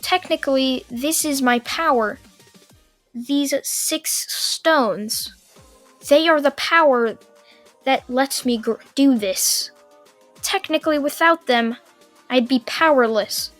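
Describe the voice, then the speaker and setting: A woman's voice: high voice, takes it slowly, fairly bright tone, soft background music. A woman voicing a cocky, overpowered teenage boy who speaks with offhand confidence. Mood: matter-of-fact.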